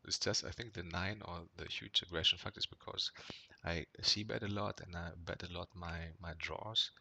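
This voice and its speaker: Low gravelly man rambling through poker hands. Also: fairly even intonation, moderate pace, bright, forceful tone, slight background noise. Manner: rambling, frequent "right?" tags and fillers; gets worked up and swears when annoyed. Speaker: poker player reviewing his hands. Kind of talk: casual commentary over gameplay.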